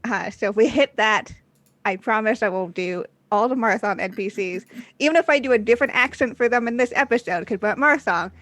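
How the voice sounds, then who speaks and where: A woman's voice: fairly high pitch, fairly quick, a bit bright, no room sound. A woman game master opening a tabletop role-play stream, upbeat and chatty, with many filler sounds. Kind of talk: stream intro and announcements.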